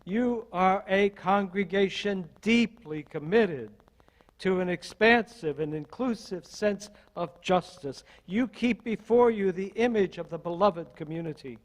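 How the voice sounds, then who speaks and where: Older man, minister, sermon, deliberate rhetorical delivery, high-pitched, slow. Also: poor audio. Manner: measured, deliberate preaching with repeated rhetorical questions. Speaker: associate minister.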